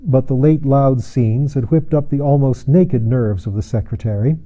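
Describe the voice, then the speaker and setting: A man narrates a classic novel aloud in a measured, steady way. His voice is very dark and mellow. The recording sounds slightly dull and lo-fi. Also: mid-range voice. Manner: measured reading, acting out dialogue. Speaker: audiobook narrator. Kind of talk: scripted narration.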